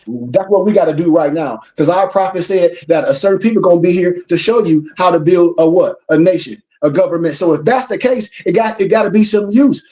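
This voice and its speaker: A man's voice: high voice, warm tone. A man lecturing his class as a minister, emphatic and preacherly, repeating his points for weight.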